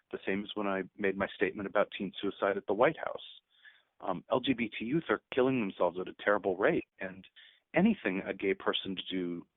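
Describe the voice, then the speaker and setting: A teacher in his fifties, appearing as a guest on a radio show, speaks earnestly in a fairly low voice and sometimes gets choked up. The emotional interview comes over a tinny phone line with no room sound.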